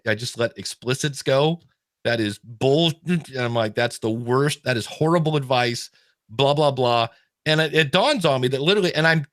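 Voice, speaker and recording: A middle-aged man hosting a podcast, telling a story in a casual, animated way with excited restarts. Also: mid-range voice, dry recording, clean studio sound. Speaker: podcast host.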